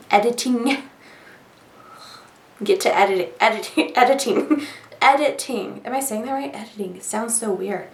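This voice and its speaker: A woman vlogger chatting casually to camera at her desk, rambling and giggling at herself. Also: fairly high pitch. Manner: rambling, giggly, self-deprecating. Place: sitting at a desk at home under lights. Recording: roomy, distant sound.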